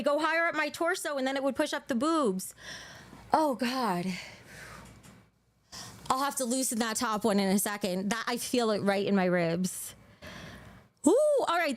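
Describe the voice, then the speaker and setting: A woman hosting a casual livestream, talking to her chat in a crude, joking, bubbly way, sometimes out of breath. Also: high voice. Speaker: livestream host.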